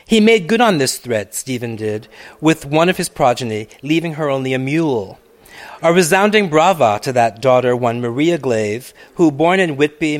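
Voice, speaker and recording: A man reading his own personal essay aloud, measured and reflective, with long winding sentences full of asides. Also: medium pitch. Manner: swells loud on key phrases, then drops to near-hushed tones. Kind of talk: literary reading.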